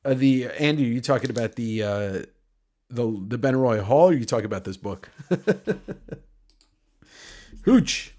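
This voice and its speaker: A man's voice: medium pitch, brisk, dark tone. A man hosting a livestream giveaway, talking casually in a nasal voice, rambling and joking with the odd curse. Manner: rambling, joking, swears freely. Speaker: livestream host.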